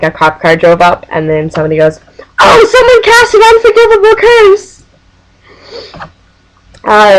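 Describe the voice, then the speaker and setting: A woman's voice: medium pitch, rough recording. Chatty young woman vlogging on webcam. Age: young adult. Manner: chatty and rambling, with giggles and voiced-out quotes. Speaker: Quidditch team captain. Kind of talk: casual webcam vlog.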